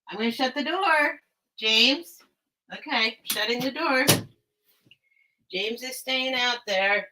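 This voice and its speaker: A woman's voice: on the high side, slow pace, pauses often, sharp tone. An American woman hosting a live sale stream, chatting casually with viewers by name and laughing often.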